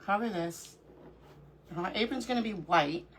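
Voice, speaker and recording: A woman's voice: mid-range voice, lively intonation, moderate pace, slight background noise. A middle-aged woman hosting a live crafting stream, chatting casually, greeting viewers by name and talking to herself as she works. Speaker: livestream crafting host.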